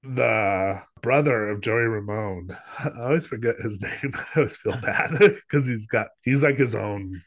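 A man's voice: lowish voice, unhurried. A man co-hosting a podcast who talks in a casual, rambling way, full of filler words, and acts out what other people said. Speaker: podcast co-host. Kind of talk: casual chat, film review.

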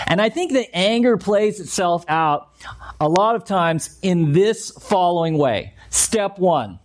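A man preaching a sermon as a pastor, animated and conversational, acting out the voices he quotes. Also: high voice. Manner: animated, acts out quoted voices, repeats points.

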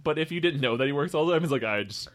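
A man's voice: a little high, lively intonation, very fast, a bit bright. A man co-hosting a podcast in casual chat, joking and laughing often. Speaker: podcast co-host.

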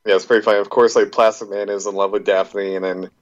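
A man's voice: lowish voice, flat delivery, quick pace, highs cut off. A man co-hosting a casual podcast, joking around and filling his talk with "like". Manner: casual, joking, leans on "like" a lot. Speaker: podcast co-host. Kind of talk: casual chat.

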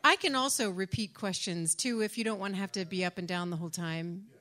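A woman's voice: mid-range voice, brisk, bright, forceful tone. Chatty Irish woman in a Q&A. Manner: chatty, laughing, rambling with restarts. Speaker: audiobook narrator. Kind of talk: audience Q&A. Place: conference room with audience.

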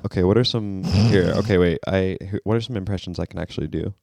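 A man's voice: low voice, fast, vocal fry, darkish tone, no room sound, clean studio sound. A man cohosting a comedy podcast, goofy and eager to riff in casual chat. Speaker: podcast co-host.

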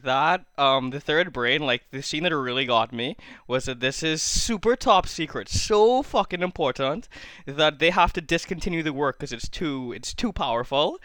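A man's voice: a little high, lively intonation, normal speed, few pauses, fairly bright tone, no echo. A man co-hosting a podcast, amused and exclaiming as he recalls a movie. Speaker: podcast co-host. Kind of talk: casual movie discussion.

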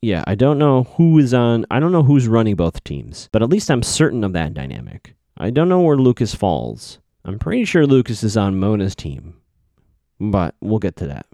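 Low-voiced man musing through a recap. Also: huge pitch swings, normal speed, dark tone, no echo, studio quality. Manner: thinking aloud, self-correcting, musing. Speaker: TV episode recapper. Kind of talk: casual spoken recap.

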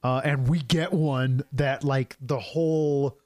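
A man's voice: medium pitch, steady tone, takes it slowly, a little mellow, dry recording. A man co-hosting a casual podcast, rambling and hesitant as he recaps an episode. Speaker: podcast co-host. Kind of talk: casual chat.

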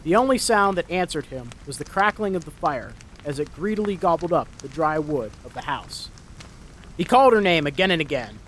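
A man narrates a storybook in a dramatic, expressive voice that is fairly high and moves up and down in a lively way. Faint thunder and ambience sit behind the reading. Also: fairly quick, a little hiss or hum.

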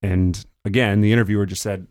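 Speaking in a fairly low, steady voice with a slightly mellow quality, this man hosts a podcast and discusses politics in a relaxed, conversational manner. He paraphrases people with brief put-on quotes, and the sound is dry and studio-grade.

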